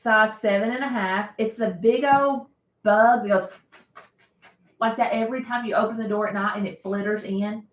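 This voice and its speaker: A woman's voice: mid-range voice, fairly even intonation, moderate pace, muffled recording. A woman hosting a casual live stream, chatting and laughing often as she answers viewer comments. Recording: roomy echo.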